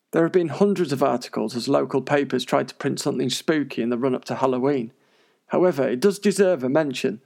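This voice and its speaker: Man, wry narrator, sarcastic asides, gravelly edge, slightly high pitch. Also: a little mellow. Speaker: paranormal news presenter. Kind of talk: scripted narration.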